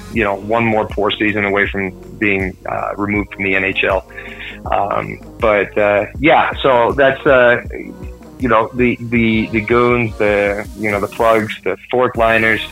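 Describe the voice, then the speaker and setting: A man's voice: on the low side, bright, forceful tone, rough recording. A man in casual sports podcast chat, rambling with many fillers and restarts. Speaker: podcast co-host.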